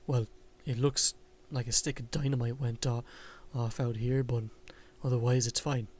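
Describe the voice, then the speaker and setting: A man's voice: medium pitch, little pitch movement, moderate pace, darkish tone, a little hiss or hum, natural voice. A man reading a tired worried teacher. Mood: reassuring. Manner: soothing and reassuring.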